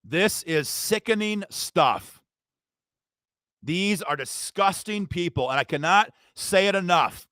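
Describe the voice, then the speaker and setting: An impassioned man hosts a live advocacy stream, railing indignantly and calling his viewers "guys." His voice sits fairly high for a man, and the sound is dry and close with no room around it. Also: animated, slow, bright, forceful tone, dry recording. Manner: fired-up, indignant, speaks straight to viewers as "guys". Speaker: advocacy livestream host. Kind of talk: impassioned political livestream rant.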